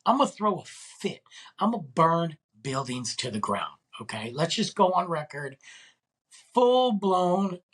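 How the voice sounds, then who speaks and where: A man's voice: fairly high pitch, big pitch swings, a little slow, a bit bright, slightly rough. A man hosting a podcast, ranting in an exasperated, casual way and firing off rhetorical questions. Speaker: podcast host.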